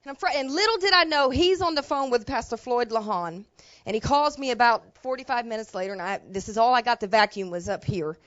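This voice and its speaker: A woman pastor telling a personal story in a sermon, talking in a plain, colloquial way that drops to quiet asides and rises to loud emotional bursts. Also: fairly high pitch, fairly quick, dull audio. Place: church sanctuary.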